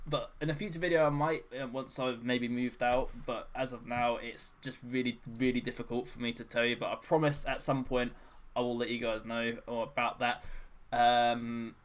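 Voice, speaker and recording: A man's voice: medium pitch, a bit bright. Man hosting a casual vlog, speaking hesitantly with lots of ums and restarts. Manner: hesitant, many fillers and restarts, apologetic. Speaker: channel host. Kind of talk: casual vlog update to viewers.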